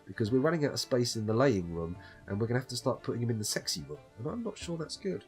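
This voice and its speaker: A man's voice: medium pitch, lively intonation, quick pace. British guy streaming a game, chatty and wry, voice bounces around a lot, faint music behind. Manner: wry, chatty, reads item text aloud and swears jokingly. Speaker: streamer playing a fortress game live. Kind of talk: casual gameplay commentary.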